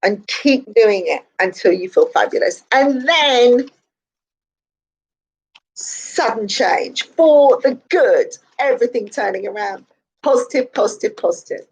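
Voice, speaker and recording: A woman speaks as a psychic in a casual morning live stream, her voice slightly hoarse. She talks in a chatty, repetitive and encouraging way and laughs often. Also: fairly high pitch, animated, slow, poor audio.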